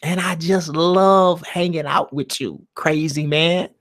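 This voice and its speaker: A man hosting a live stream alone, talking in a slow, meditative monologue that swings from loud emphasis down to a near-whisper. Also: a little high, steady tone. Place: alone at home.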